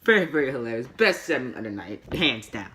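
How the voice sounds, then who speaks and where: A man's voice: mid-range voice, sing-song, fast, sharp tone, a little hiss or hum. A man reviewing a wrestling show in a casual solo vlog, rambling and opinionated, repeating his words and chuckling often.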